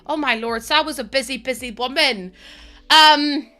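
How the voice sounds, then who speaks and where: A woman with a Northern Irish accent chatting fast with her stream audience, tired and laughing often. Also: high-pitched, pushed and bright, soft background music. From Northern Ireland. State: tired from lack of sleep. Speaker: live streamer. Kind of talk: casual chat with a stream audience.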